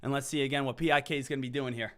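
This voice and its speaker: A man streaming live stock trades, narrating the chart with repeated chants and bursts of shouting. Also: medium pitch, rapid-fire. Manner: hyped, repetitive chanting, swings from shouting to calm. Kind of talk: live trading commentary.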